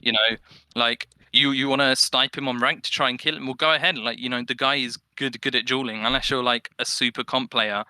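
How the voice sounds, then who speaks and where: A man's voice: medium pitch, a little fast, clean tone, dry recording. A man talking in a casual gaming podcast chat, rambling with lots of fillers. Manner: rambling, filler-heavy, animated impressions of others. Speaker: podcast guest.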